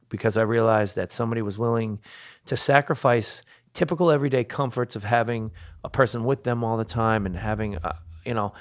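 A man from New Jersey speaks earnestly in a lowish voice, opening up about his life as an interview guest. He takes his time, pausing between thoughts in a candid, confessional manner. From New Jersey, USA. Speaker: guitarist guest.

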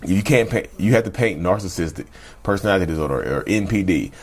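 A man talking casually to his viewers on a vlog, animated and repetitive, calling them y'all, and tired. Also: sits low, fast. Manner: animated, repeats himself, addresses viewers as y'all. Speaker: vlogger. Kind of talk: casual talk to camera.

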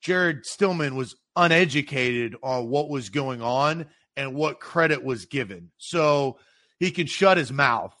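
A man's voice: mid-range voice, lively intonation, measured pace, sharp tone. A man from the Nashville area with a slight Southern accent, co-hosting a casual sports talk show and getting heated when irritated. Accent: slight Southern American. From Nashville area, Tennessee. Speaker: podcast co-host.

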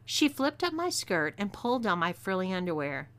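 Texan lady reading a western story, bright twangy voice, easy drawl. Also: medium pitch, very animated, moderate pace. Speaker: narrator. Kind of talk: scripted story narration.

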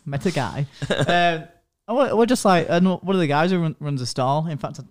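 A man's voice: on the high side, lively intonation, moderate pace. A young man, co-hosting a podcast, rambling with lots of fillers and casual swearing. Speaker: podcast co-host. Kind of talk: casual chat.

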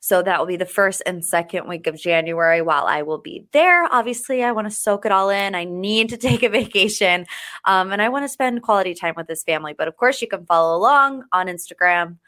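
A woman hosting a pop-culture podcast in a chatty, animated manner, stretching some words out. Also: medium pitch, fairly quick. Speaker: podcast host. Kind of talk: casual pop-culture chat.

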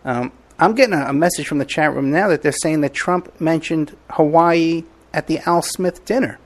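Excitable higher-voiced male podcast host. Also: normal speed. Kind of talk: casual chat.

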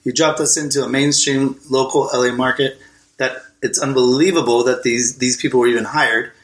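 A man's voice: mid-range voice, steady tone, a little fast, fairly bright tone. A man hosting a podcast, bantering crudely and bluntly with a co-host. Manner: profane, joking, blunt. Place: hotel suite. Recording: echoey room.

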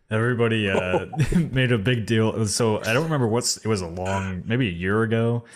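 A man's voice: on the low side, moderate pace. A man with a Midwestern American accent who draws out his words, joking in a casual group chat.

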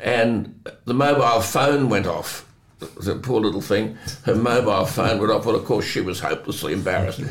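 An older man hosts a talk show and tells his anecdotes at an easy, chatty pace. He chuckles often and drops quick asides as he goes. The sound is roomy and echoey. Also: lowish voice, slight background noise. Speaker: host. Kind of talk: conversational storytelling.

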